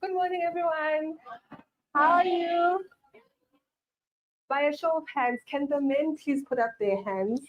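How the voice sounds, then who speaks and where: A young woman in her twenties greets the room as a panel moderator. Her voice sits a little high, and she is friendly and lightly joking. Faint noise sits in the background. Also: unhurried, long pauses, lo-fi sound. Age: 20s. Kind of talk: event moderating. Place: event venue.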